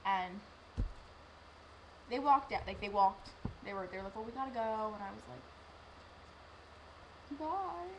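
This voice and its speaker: A teenage girl tells a long personal story straight to the camera, rambling and emotional, breaking into lively acted-out quotes. Her voice sits at an ordinary pitch. A steady hiss of noise runs under the whole homemade recording. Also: normal speed, long pauses. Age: teens. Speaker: vlogger.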